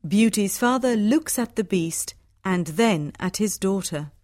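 A woman giving scripted storybook narration, clear, measured and even. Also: mid-range voice, no room sound, studio quality.

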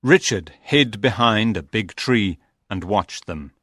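A man narrating a simple storybook slowly and deliberately. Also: on the low side, animated, fairly bright tone, breathy edge, no room sound, studio quality. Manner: slow and deliberate.

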